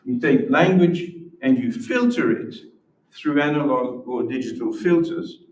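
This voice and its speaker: A man's voice: mid-range voice, expressive, unhurried, a little mellow. A man giving an academic lecture with demonstrations, explaining patiently and often restarting his words. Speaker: symposium presenter. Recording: roomy echo from far off.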